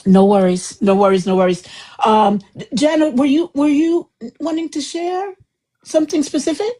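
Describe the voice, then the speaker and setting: A woman's voice: high-pitched, normal speed, dark tone, slight background noise, poor audio. A woman hosting a live group discussion, talking casually and at length in a chatty, effusive, rambling way over a home computer mic. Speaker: host of a live book club discussion.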